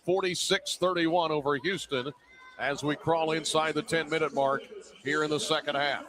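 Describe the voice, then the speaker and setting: A man announcing a basketball game play-by-play, quick and rising to excitement on big plays. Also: a little high. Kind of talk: radio-style basketball play-by-play. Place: arena broadcast position.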